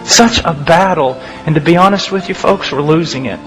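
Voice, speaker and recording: A man's voice: on the high side, moderate pace. Earnest preacher man, music underneath. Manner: earnest, emphatic repetition. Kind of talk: sermon.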